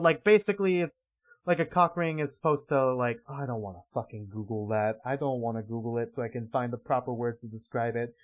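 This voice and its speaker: A man livestreaming casual reaction commentary, rambling and swearing heavily in an exasperated way. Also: mid-range voice.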